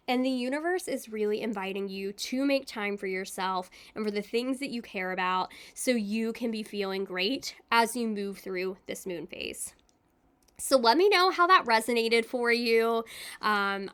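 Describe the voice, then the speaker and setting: A woman's voice: a little high, clean tone. Upbeat woman giving a tarot reading. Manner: gentle, upbeat, many fillers. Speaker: tarot reader. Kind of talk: casual spiritual tarot reading.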